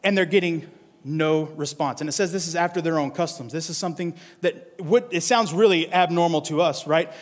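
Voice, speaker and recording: A male pastor with a fairly high voice preaches a casual, animated sermon from scripture. He keeps checking in with his listeners by asking "right?". His voice carries a long reverb, as in a large hall. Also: fairly quick.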